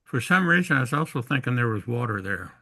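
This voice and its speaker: Man class member, very bright tense voice, dry close sound, casual. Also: mid-range voice, very animated, quick pace, no echo.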